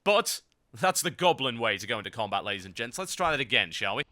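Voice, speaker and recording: A man narrates a video game guide in a sarcastic, ranting way, breaking into theatrical mock-grand lines. His voice is very bright and sharp. It is an average-pitched voice, recorded as a voice-over on game footage. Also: sing-song, fast. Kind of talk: gameplay guide commentary.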